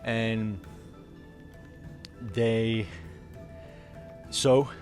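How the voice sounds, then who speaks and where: A man's voice: lowish voice, fairly even intonation, very slow, soft background music. Man recounting a harrowing trip, raw. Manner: raw, emotional, swearing, dips to hushed then rises loud. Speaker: vlogger. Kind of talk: casual storytelling to camera.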